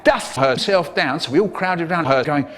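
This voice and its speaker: An older man narrating a comic story theatrically, swinging between hushed asides and sudden bursts. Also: on the high side, expressive, normal speed, over music.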